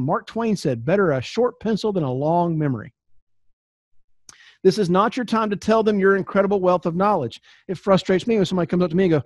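A man giving blunt, animated coaching advice, often restarting his sentences and acting out little exchanges. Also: high-pitched, fairly quick, no echo, studio quality. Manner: frequent restarts and repeated words. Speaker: business coach. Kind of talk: instructional talk to camera.

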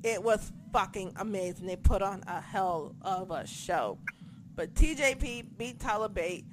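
A woman in casual chat, gushing over wrestling matches with plenty of swearing. Her pitch sits in a middling range, and she keeps stumbling over names before bursting out loud and excited. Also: a little slow, background noise. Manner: excitable, swears a lot, loses track of names. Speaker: wrestling show reviewer.

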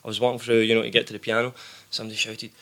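A man's voice: fairly low pitch, completely flat delivery, very fast, a bit bright. A young Glaswegian man telling stories in a casual podcast chat, swearing now and then and laughing easily. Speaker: podcast guest, musician.

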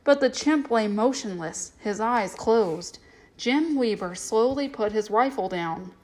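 A woman narrating a children's storybook aloud with steady, expressive delivery. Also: on the high side, a little slow, low-quality recording.

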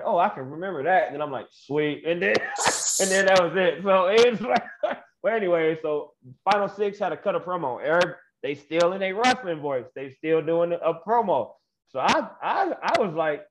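A young man, a wrestler, telling a story in a casual interview, animated and slangy, laughing often. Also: fairly high pitch, muffled recording. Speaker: guest wrestler.

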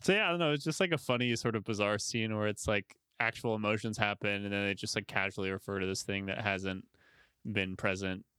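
Smooth-voiced wry man, dry room. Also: fairly low pitch, fairly quick, sharp tone, no room sound. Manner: wry, amused, laughs often. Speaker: podcast co-host. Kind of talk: casual discussion.

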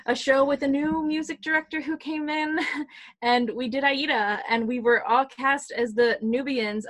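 A young woman chatting casually on a podcast, animated and laughing as she tells stories. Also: sits high, no room sound. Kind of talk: casual chat.

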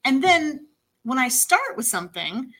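Woman accent coach on community radio, bright and a little high, animated and affirming. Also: a little slow, slightly rough. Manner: animated, many affirming mm-hmms. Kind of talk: casual radio conversation.

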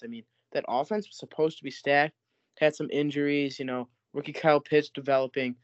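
A man's voice: a little high, dry recording, dull audio. A man who is a guest on a casual sports podcast and argues his pick point by point.

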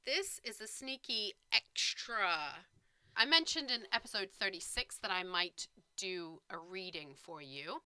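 A woman teaching English reads literature aloud to learners at an unhurried pace. Her voice is very bright and crisp. She explains each word patiently and laughs lightly now and then. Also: mid-range voice, expressive, no room sound. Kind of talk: reading aloud and explaining vocabulary.

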